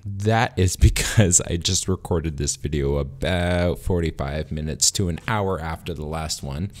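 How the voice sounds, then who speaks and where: A man vlogging alone in an unscripted monologue, rambling and self-deprecating with pauses and restarts, a little tipsy from a beer. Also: very deep voice.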